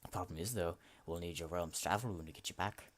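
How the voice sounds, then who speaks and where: A man's voice: low-pitched, fast talker, lightly acted. A man voicing a friendly, boastful Norse god in a video game, speaking in a hearty, old-fashioned way. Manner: hearty, old-fashioned speech with "aye" and "lad".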